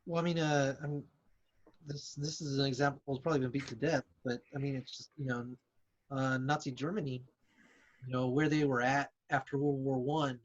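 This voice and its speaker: Speaking steadily at a moderate pace, this podcast co-host has a mid-range voice captured in lo-fi audio with slight background noise. His casual explanations stumble along with "you know"s, fillers, and restarts, and he leans on examples to make his points.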